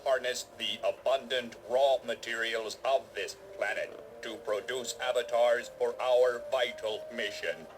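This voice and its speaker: An actor voicing a formal, stiff-talking alien race of machine and crystal beings in a video game. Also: male voice, mid-range voice, fairly even intonation, over music, lightly acted, poor audio. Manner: formal, measured, stiff delivery.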